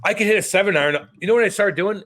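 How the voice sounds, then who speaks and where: Profane, animated man telling stories. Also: high voice, very fast. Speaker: podcast co-host. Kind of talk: casual chat.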